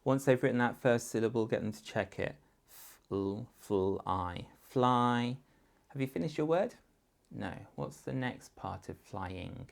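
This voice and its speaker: Slow, gravelly male teacher. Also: medium pitch, animated. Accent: English. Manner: patient, slow, step-by-step phonics modelling. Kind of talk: instructional guidance for parents.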